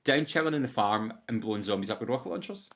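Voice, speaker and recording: Here a young adult co-host talks fast in a mid-range, fairly bright, animated voice. His casual podcast chat is enthusiastic and rambling, full of fillers, with voices quoted animatedly.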